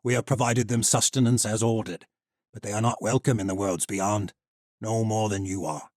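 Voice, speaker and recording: A man playing a gruff, stern armored knight standing guard. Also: on the low side, steady tone, normal speed, darkish tone, no echo, studio quality, natural voice.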